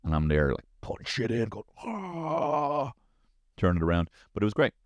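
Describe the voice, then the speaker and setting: Low-voiced Dublin man telling comic stories. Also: racing, clear, resonant tone, no echo, lo-fi sound. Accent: Dublin Irish. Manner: animated storytelling, swears freely, lots of tag questions. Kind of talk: casual comic monologue.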